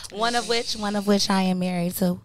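A woman in her thirties co-hosting a podcast, talking bluntly and profanely with animated storytelling. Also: mid-range voice, slight background noise. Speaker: podcast co-host. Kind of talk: casual chat.

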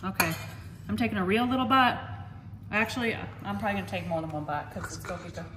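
A woman's voice: medium pitch, fast talker. A woman hosting a casual cooking demo in a home kitchen, chatting to viewers and calling them y'all. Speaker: cooking channel host. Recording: echoey kitchen with faint noise.

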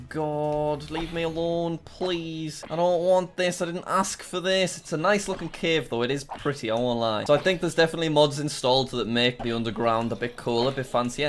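British man narrating his gameplay. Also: fairly high pitch. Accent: British English. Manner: jittery self-talk, jumpy exclamations. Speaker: gaming YouTuber. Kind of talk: casual gameplay commentary.

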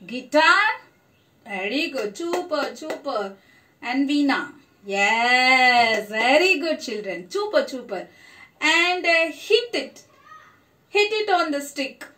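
A woman teacher talks to small children in a high, bright voice. She speaks slowly and patiently, praising every answer she gets. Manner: slow, encouraging, praising answers. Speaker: primary school teacher. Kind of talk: online lesson for young children.

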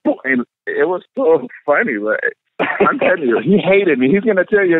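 Animated, profane man telling stories. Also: high voice, brisk, dry recording, narrow, tinny audio. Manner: animated, profane, laughs often. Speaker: actor guest. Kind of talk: casual interview storytelling.

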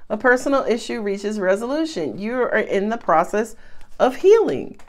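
A woman giving a casual tarot reading in a lively, chatty, playful way. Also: medium pitch, moderate pace. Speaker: tarot reader.

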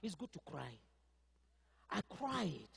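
Husky guy from cameroon preaching his testimony, big echoey church, drops quiet then gets loud. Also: high voice, big pitch swings, slow pace. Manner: storytelling, swings from quiet asides to loud crying out. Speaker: pastor. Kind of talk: sermon testimony.

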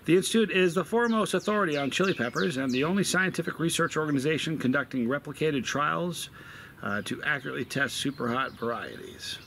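A man's voice: a little high, fast talker, fairly bright tone, slight background noise. A man reviewing hot sauce outdoors, talking in a rambling, chatty way with lots of fillers. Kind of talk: casual outdoor video review. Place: outdoors in a desert backyard with birds.

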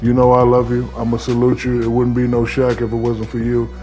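A man's voice: mid-range voice, completely flat delivery, fairly quick, a little mellow, faint music behind. A man who played professional basketball tells a story in a casual interview, rambling and full of fillers. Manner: rambling, filler-heavy, laid-back. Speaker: former pro basketball player.

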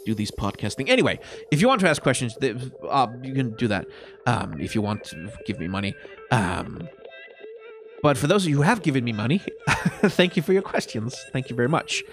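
Nasal man with blocked sinuses. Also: fairly low pitch. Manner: rambling, self-correcting, swears casually. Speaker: YouTuber answering viewer questions. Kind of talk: casual solo Q&A outro.

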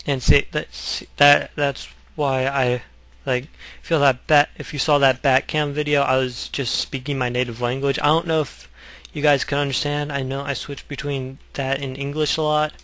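A man's voice: medium pitch, flat delivery, normal speed, a bit bright, no room sound. A young man rambling through gameplay commentary, goofy and sarcastic, wandering off on joking tangents. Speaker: gaming channel host.

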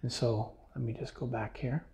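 A man's voice: mid-range voice, fairly even intonation, moderate pace, creaky, mellow, a little hiss or hum. Guy preaching on a church livestream, earnest and emphatic, calls everyone brothers and sisters. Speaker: pastor. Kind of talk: livestreamed Bible teaching. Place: church, streamed online.

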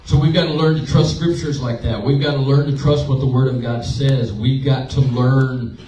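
Here a pastor's warm, medium-pitched voice stays steady at a normal speed as he preaches conversationally, telling personal stories with emotion and asking the congregation questions. The church-sanctuary recording is roomy, distant, and dull, with slight background noise.

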